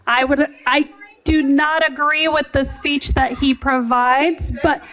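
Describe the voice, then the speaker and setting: A woman with a high voice chairs a public meeting. She speaks in a firm but halting, procedural way, often restarting her sentences, into a desk microphone. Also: steady tone, a bit bright.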